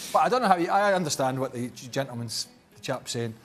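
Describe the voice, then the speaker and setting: A man's voice: mid-range voice, lively intonation, brisk, crowd noise. A man from the west coast of Scotland with a refined Scottish accent, talking football as a pundit in a joking, rambling way. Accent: refined west-coast Scottish, softened by years in London. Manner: jokey, self-mocking, rambling with restarts. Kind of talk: casual podcast chat.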